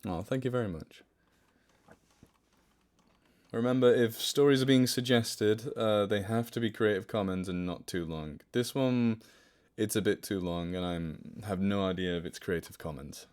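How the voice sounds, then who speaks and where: A man's voice: fairly low pitch, moderate pace, a little mellow. A young man hosting a livestream, chatting casually with viewers, joking about himself and answering their questions. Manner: chatty, self-mocking, answers chat questions. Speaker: livestream host.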